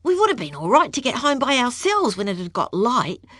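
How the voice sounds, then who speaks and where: A woman's voice: lively intonation, normal speed, a bit bright, no room sound, studio quality. A woman voicing a brave, indignant young girl calling for help in a storm. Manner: high urgent cries.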